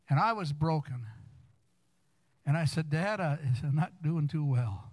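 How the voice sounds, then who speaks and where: A man's voice: a little high, measured pace, no room sound. A man in his sixties preaching a sermon, telling personal stories with stammering restarts and building to fervent emphasis. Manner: storytelling, rising to fervent emphasis. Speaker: guest preacher. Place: church sanctuary.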